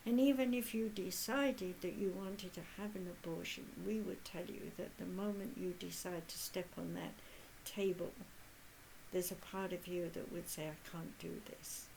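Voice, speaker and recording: A woman in her eighties speaking as a spiritual medium in a channeled talk. She is earnest and measured, with long pauses. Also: fairly low pitch, steady tone, gravelly, darkish tone, a little hiss or hum, poor audio. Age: 80s.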